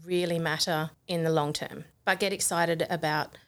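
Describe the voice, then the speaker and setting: Upbeat woman guest, lowish voice. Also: steady tone, normal speed, fairly bright tone. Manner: upbeat, encouraging. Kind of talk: studio interview. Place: studio.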